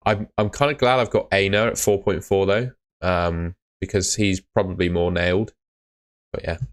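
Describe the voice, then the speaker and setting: A man's voice: low-pitched, steady tone, normal speed. A young man hosting a live fantasy football stream, chatting casually and answering comments. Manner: casual, chatty, uses mate and fillers.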